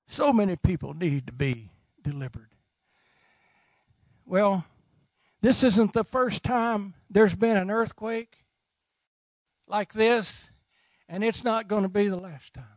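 A middle-aged man preaching with humor and passion, his voice strikingly high with a gravelly, fry-laden edge. The sound is close and dry, with little room around it. He asks his listeners questions as he goes. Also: animated, slow, long pauses, no room sound. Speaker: pastor. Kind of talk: sermon.

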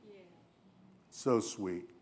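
A man preaching a sermon as a church elder, speaking earnestly and turning quiet and soft when he voices gentle quoted words. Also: very slow, slight background noise.

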